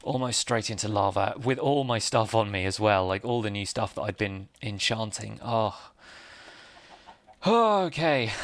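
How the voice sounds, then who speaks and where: A man's voice: fairly low pitch, steady tone, normal speed, hardly any pauses. A man hosts a casual Minecraft let's play, chatting in a self-deprecating way and laughing often. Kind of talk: casual gameplay commentary.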